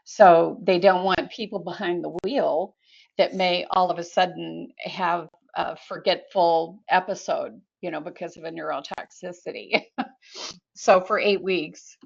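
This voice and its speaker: A woman speaking slowly and hesitantly with many fillers, chatting in an online support group. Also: on the low side, steady tone, gravelly, husky, dull audio. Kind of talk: casual video call chat. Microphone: video call.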